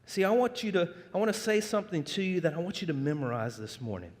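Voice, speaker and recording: A man preaching a sermon as pastor of a church, conversational and animated, joking with the congregation. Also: high voice, fast talker. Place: church sanctuary. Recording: reverberant church hall.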